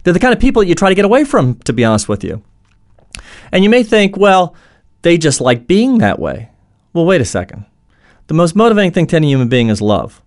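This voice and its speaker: A man's voice: fairly high pitch, big pitch swings, quick pace. A man giving an instructional talk as a coach, earnest, explaining through stories and imagined dialogue, with frequent fillers and restarts.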